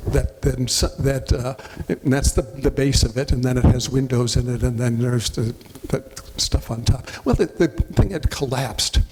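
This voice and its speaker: With a medium-pitched, slightly mellow voice edged with breathiness, this Wisconsin author talks casually to an audience at a moderate pace with few pauses. His storytelling rambles, breaking off and restarting mid-sentence. Hall reverb and faint noise color the sound.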